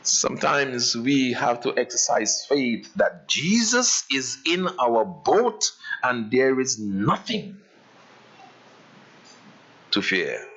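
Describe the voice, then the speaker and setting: Male pastor, sermon, slow deliberate delivery, animated pitch, dramatic rises and drops, muffled lo-fi livestream. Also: husky. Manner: dramatic preaching, swinging from raised to hushed. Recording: dull lo-fi church livestream.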